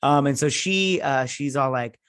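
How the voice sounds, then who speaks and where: A man's voice: medium pitch, a bit bright, no room sound, clean studio sound. Rambling man recapping an episode. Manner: rambling, lots of fillers, paraphrases characters in quick mock voices. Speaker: show host. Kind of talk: casual episode recap and review. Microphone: desk mic, close.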